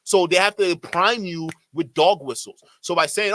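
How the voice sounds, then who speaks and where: A man's voice: sits high, fairly bright tone, no echo. A man commentating on a debate clip during a live stream, heated and profane, mocking the people in it. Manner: heated, profane, rapid-fire, with mocking quoted voices.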